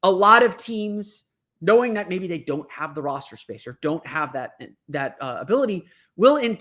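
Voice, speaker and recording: Casting: male podcast host, higher-pitched voice, off-the-cuff analysis full of restarts. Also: fairly bright tone. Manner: thinking aloud, many restarts and fillers.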